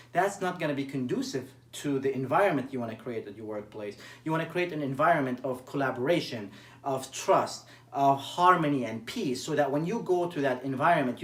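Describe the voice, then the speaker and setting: A man coaching on workplace trust in a demonstrative training talk, acting out tones of voice and gestures as he explains. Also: mid-range voice. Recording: roomy sound, mic at a distance.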